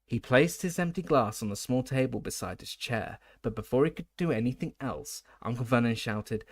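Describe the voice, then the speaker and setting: A man reading an audiobook aloud at a steady pace, with occasional stumbles and self-corrections. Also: medium pitch, moderate pace, few pauses, slightly rough, dry recording, studio quality. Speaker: audiobook reader. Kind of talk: audiobook narration.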